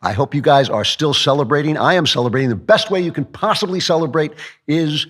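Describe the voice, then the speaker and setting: A man's voice: a little high, lively intonation, brisk, fairly bright tone. A male podcast host giving a comedic political monologue, full of sarcastic jokes and asides.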